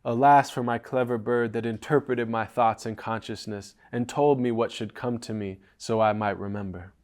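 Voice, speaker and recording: A man's voice: mid-range voice, fairly even intonation, normal speed, darkish tone, close to an everyday voice. A man voicing a grieving merchant who laments his lost bird in a mournful, pleading recitation.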